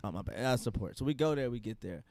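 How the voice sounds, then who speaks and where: A man's voice: rapid-fire, no room sound. A man co-hosting a comedy podcast, telling a rambling story with bursts of laughter and a trailing, mumbled delivery. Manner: animated storyteller, swings between low mumbling and loud laughing outbursts. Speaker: podcast co-host.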